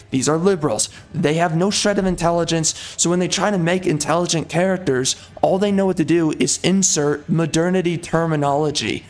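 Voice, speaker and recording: Fairly high-voiced man ranting angrily. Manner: angry, insulting, repetitive. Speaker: game reviewer. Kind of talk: heated video game rant.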